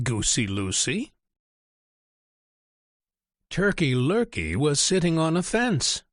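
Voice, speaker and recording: A man reading a children's story aloud in an expressive, deliberate way. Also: on the high side, no echo, studio quality. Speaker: narrator. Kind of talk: storybook read-aloud narration.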